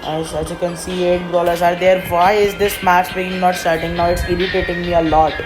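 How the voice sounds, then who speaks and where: A woman's voice: on the low side, level tone, normal speed, over music, rough recording. A woman commentating her own gameplay, frustrated and complaining as she plays. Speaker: gaming commentator.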